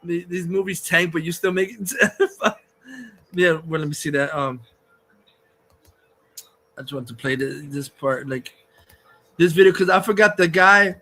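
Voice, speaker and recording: A man's voice: fairly high pitch, unhurried, long pauses, sharp tone. A man hosting a livestream, ranting heatedly, cursing and mocking as he talks. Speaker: livestream host. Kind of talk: profane ranting chat.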